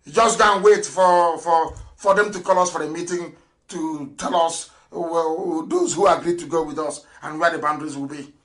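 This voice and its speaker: A man hosting an impassioned political broadcast, swinging between loud declarations and low asides and laughing often. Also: fairly even intonation, moderate pace, low-quality recording. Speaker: broadcast host.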